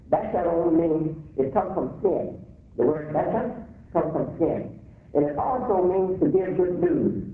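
A man's voice: fairly high pitch, vocal fry. A man with an African American accent preaching a sermon, repeating phrases with rising emphasis. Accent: African American English. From United States. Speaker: imam. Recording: echoey room over a phone-like line.

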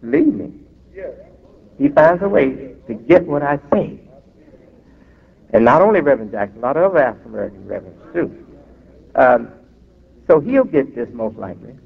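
A man preaching a sermon as an imam, emphatic and drawn-out, breaking off for asides, heard through a tinny recording in a reverberant hall. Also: mid-range voice, very animated, vocal fry, husky.

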